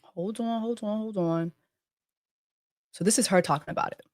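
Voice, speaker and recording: A woman's voice: mid-range voice, moderate pace, no room sound. A woman hosting a casual commentary video, emphatic and profane, repeating her points. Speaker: host.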